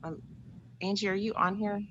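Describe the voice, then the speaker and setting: A middle-aged woman tells personal stories on a group call, earnest and chatty, with lots of restarts. Her voice is bright and forward. The call audio is a bit muffled and dull. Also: medium pitch, fairly even intonation, moderate pace, slight background noise. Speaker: call participant. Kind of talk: casual sharing on a group call.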